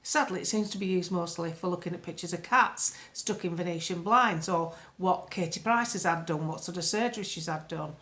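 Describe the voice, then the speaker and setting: A woman's voice: on the low side, brisk, hardly any pauses, fairly bright tone. A woman talking casually to camera as a political commentator. She is blunt and sarcastic, and often sounds annoyed. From United Kingdom.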